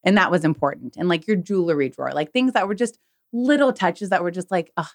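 Chatty, emotional woman with a low voice. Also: a little fast, no echo, clean studio sound. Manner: chatty and emotional, many fillers like "like" and "you know". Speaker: guest, professional home organizer. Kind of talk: casual podcast chat.

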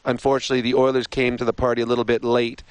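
A man analysing hockey on a sports radio show, measured and explanatory, on a studio microphone. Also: medium pitch, monotone, clean tone, no room sound, poor audio.

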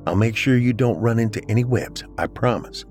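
A man voicing a gentle older grandmother who speaks quietly and soothingly. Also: medium pitch, fairly quick, faint music behind, voice pushed up, natural voice. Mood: reassuring. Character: gentle older grandmother, soft-spoken and reassuring.

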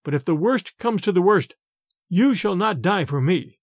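A man voicing a worried, gentle abbot who pleads humbly. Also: high-pitched, lively intonation, moderate pace, no room sound, studio quality. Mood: sorrowful. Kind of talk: storybook character voice.

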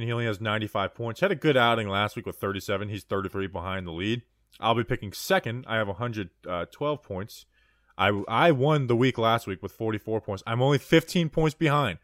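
A man hosting a casual sports podcast, briskly moving between segments and recapping standings. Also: lowish voice, a bit bright, no room sound, studio quality. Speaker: podcast host.

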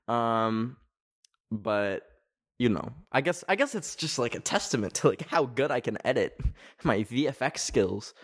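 Male host, mid pitch, rambling and self-deprecating, casual chat recorded in a garage, sweaty. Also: animated, unhurried. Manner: rambling, filler-heavy, self-mocking. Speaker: podcast host.

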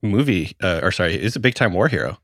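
A man's voice: deep voice, expressive, quick pace, no echo, studio quality. A man in his thirties co-hosting a football podcast, telling stories with enthusiasm and casual swearing. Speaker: fantasy football podcast co-host. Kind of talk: casual chat.

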